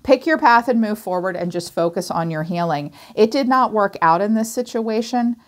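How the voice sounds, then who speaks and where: A woman's voice: mid-range voice, lively intonation, normal speed. A woman giving a casual, chatty tarot reading, acting out quoted voices and swearing now and then. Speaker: tarot reader.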